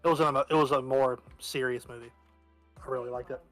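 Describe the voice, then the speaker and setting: A man's voice: medium pitch, steady tone, brisk, a bit bright, faint music behind. A man from the Southern United States chatting casually while gaming, wry and opinionated, swearing now and then. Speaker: game player. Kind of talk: casual chat while playing.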